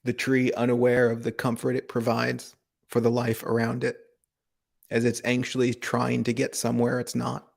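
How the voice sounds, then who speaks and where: A man giving a calm, reflective spiritual talk on a live broadcast, asking gentle rhetorical questions. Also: mid-range voice, normal speed, vocal fry. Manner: calm, contemplative, asks rhetorical questions, laughs softly.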